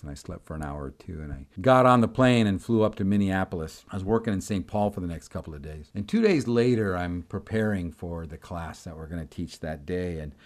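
A man telling a personal story in an animated way, acting out the voices and laughing often. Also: deep voice.

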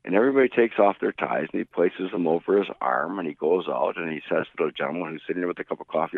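Middle-aged male radio preacher, storyteller, deep gravelly voice, phone-thin sound. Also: quick pace, hardly any pauses, no echo. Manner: storytelling, acts out quoted voices. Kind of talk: radio sermon. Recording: tinny phone-like radio broadcast.

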